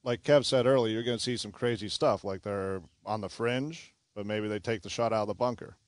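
A man's voice: fairly low pitch, brisk, no room sound. A man, a club golf pro explaining his junior program as a radio guest, with many fillers. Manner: friendly, filler-heavy explanations.

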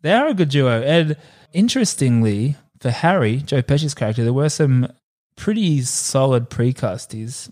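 A podcast co-host chats casually, joking and rambling with fillers and laughs as he mentions being hungover. His voice is medium-pitched and expressive, with a darkish tone, moving at a normal speed with few pauses.

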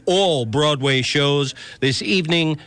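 A man's voice: on the high side, slow, a bit bright, clear, resonant tone, no room sound. A man anchoring live radio news in a conversational way with occasional fillers.

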